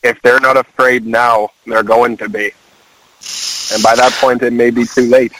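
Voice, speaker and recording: A man in his twenties calling in to a talk show, speaking in a halting way with frequent stammers and restarts. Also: medium pitch, little pitch movement, a bit bright, a little hiss or hum, low-quality recording. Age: 20s. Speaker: guest caller. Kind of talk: casual call-in talk.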